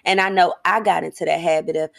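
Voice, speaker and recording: A woman's voice: on the low side, steady tone, quick pace, vocal fry, slight background noise. A woman hosting a casual monologue, talking bluntly and emphatically, swearing freely as she shares her views and questions listeners. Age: adult, getting older. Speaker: podcast host.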